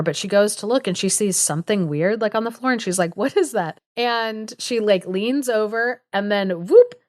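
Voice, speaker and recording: Speaking on the low side, a young female podcast co-host chats her way through a fairy tale, full of "like" and small laughs. There's no room sound at all, just clean studio audio.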